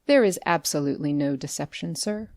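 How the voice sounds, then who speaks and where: A woman's voice: low voice, fairly quick, darkish tone, no echo. A woman voicing a courteous male magic shopkeeper in a storybook reading, with polite and mysterious speech.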